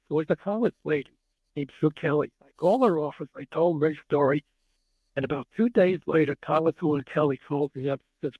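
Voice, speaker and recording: A husky man in his eighties tells stories as an interview guest, raising his slightly high voice to act out the dialogue. His delivery is animated, and the recording is dry and close. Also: fairly quick, dry recording, lo-fi sound. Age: 80s. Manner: animated storyteller who acts out dialogue. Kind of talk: storytelling interview.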